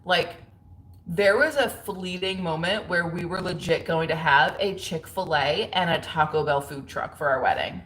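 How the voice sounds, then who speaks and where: A woman's voice: on the low side, moderate pace, a bit bright, far from the mic. A woman vlogger in casual, slangy chat to camera. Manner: chatty and slangy.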